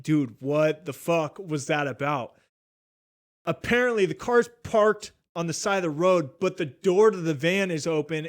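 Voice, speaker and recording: A young man casually telling a travel story, animated and swearing often, acting out what people said. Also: on the high side. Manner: animated, swears a lot, acts out quotes. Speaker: podcast guest.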